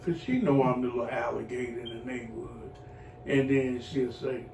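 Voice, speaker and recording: A middle-aged man giving heartfelt personal testimony as a client in a recovery program, earthy and animated, acting out voices as he tells his story. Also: medium pitch, fairly quick. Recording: echoey room, voice from far off, faint noise.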